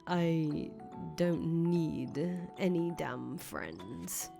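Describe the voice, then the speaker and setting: A rude, guarded village boy, as a woman acts him out, low and drawling as he mocks and brushes people off. He is scornful and foul-mouthed, with an even, unhurried delivery over faint background music in a visual novel reading. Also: gravelly, heavily acted. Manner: curt, drawling, mocking. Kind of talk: fan voice acting of a visual novel.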